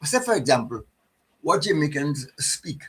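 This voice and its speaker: A man's voice: a little high, sing-song, normal speed, breathy edge, low-quality recording. A man speaking as a guest in a casual radio discussion, emphatic and often stumbling into restarts. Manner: stammering restarts, emphatic, chuckling. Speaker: studio guest.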